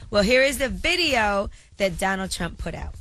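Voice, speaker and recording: A radio co-host runs through the morning news in a matter-of-fact way. The voice is mid-pitched, and a faint music bed sits behind it. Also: animated, normal speed, a bit bright.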